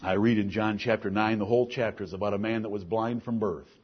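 A man preaching a sermon, firing off rhetorical questions and swinging between soft, low passages and loud, raised ones. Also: fairly even intonation, fast, breathy edge, highs cut off.

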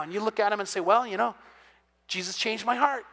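An older man preaching a sermon as pastor, animated and acting out little conversations, often repeating words as he restarts. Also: high-pitched, fairly quick. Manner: animated, acts out dialogue in quotes, repeats words when restarting. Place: church sanctuary. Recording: long hall reverb.

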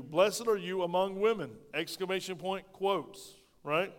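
A pastor delivering a sermon in a high, lifted voice, punctuating points with asides to the congregation. His delivery swings between loud bursts and hushed remarks. The recording carries the long reverb of a large church hall. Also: a little slow, few pauses. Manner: preaching with call-and-response asides, swings between loud and soft. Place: church sanctuary.

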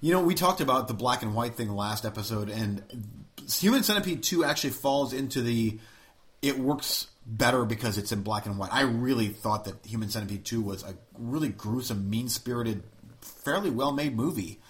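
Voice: mid-range voice, animated, moderate pace. A podcast co-host giving enthusiastic, opinionated takes on films in casual chat. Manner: opinionated, enthusiastic film talk.

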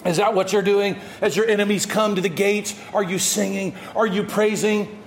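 Impassioned high-voiced male pastor preaching. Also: fairly even intonation, normal speed, roomy sound, slight background noise. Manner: impassioned, shouting, swings from loud to quiet. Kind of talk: sermon.

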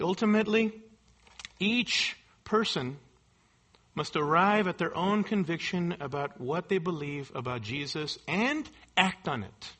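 A man's voice: high-pitched, fairly bright tone, husky. A male pastor preaching a sermon with emphasis, repeating rhetorical questions to his congregation.

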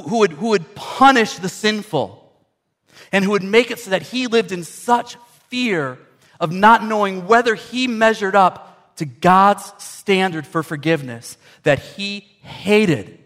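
Cast: pastor, man, a bit higher-pitched, folksy storytelling sermon, repeats words while building a point. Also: a little slow, fairly bright tone.

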